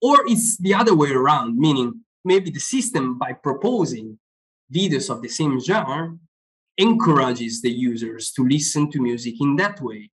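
A man's voice: mid-range voice, expressive, normal speed, breathy edge, low-quality recording. A man, an author explaining his ideas in a live online discussion, often repeating words as he searches for phrasing. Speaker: author being interviewed.

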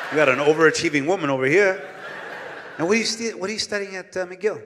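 High-voiced comedian roasting a live crowd. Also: male voice, noisy background. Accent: Canadian English. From Canada. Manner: teasing, rapid-fire, quick laughs between jabs. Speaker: stand-up comedian. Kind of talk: crowd work roasting audience members. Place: large comedy venue on stage. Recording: live theater recording with audience laughter and hall reverb.

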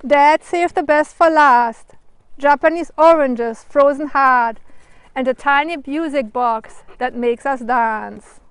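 Woman, German accent, high voice, dry close sound, gentle storybook reading. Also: takes it slowly, no room sound. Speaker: author reading her picture book.

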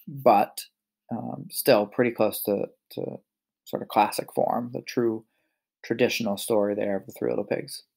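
Male storyteller, mid-pitch, gravelly, relaxed read-aloud with casual asides. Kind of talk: reading a picture book aloud.

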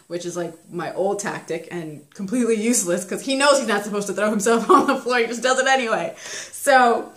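A young parenting vlogger reviewing a book chats casually about raising kids, talking freely and laughing often as she shares stories about her children. Her voice is slightly high and a bit bright, with roomy echo around it.

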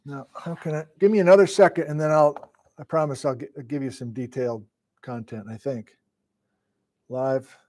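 A man's voice: medium pitch, steady tone, normal speed, a little mellow. A middle-aged man from Wisconsin, a sleep-deprived geology lecturer, thinking aloud in a flustered, casual live-stream lesson. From Wisconsin, USA.

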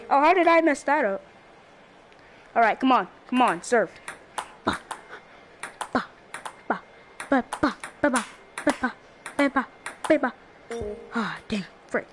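A woman giving casual gameplay commentary, excitable and trash-talking with frequent exclamations. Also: sits high, takes it slowly, pauses often, faint music behind. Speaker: gamer.

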